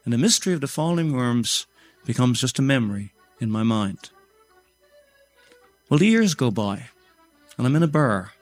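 Older storyteller, rhymed recitation, mid-range voice. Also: male voice, mid-range voice, a little mellow. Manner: rhythmic, rhyming recitation. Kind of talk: recited rhyming tale.

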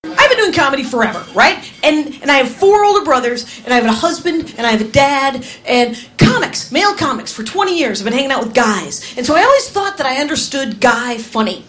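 Animated high-voiced woman doing stand-up. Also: brisk. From Wisconsin, USA. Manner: animated, laughing storytelling with acted-out quotes. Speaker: stand-up comedian. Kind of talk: stand-up comedy set. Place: comedy venue in front of an audience. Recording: live club with crowd noise. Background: audience laughter.

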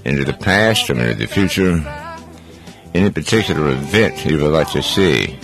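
A man's voice: a bass voice, lively intonation, normal speed, gravelly, fairly bright tone, faint music behind. A man hosting a call-in radio talk show, chatty and jokey, often rambling as he talks. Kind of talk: casual call-in radio chat.

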